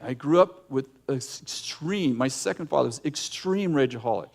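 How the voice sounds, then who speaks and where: A middle-aged male pastor preaching a sermon in an animated way, breaking into acted yelling now and then. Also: mid-range voice, moderate pace, gravelly. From United States.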